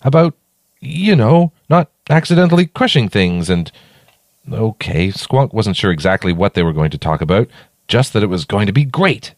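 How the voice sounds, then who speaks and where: Expressive low-voiced male storyteller. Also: normal speed, no echo, clean studio sound. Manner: playful, expressive. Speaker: narrator. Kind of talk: storybook narration.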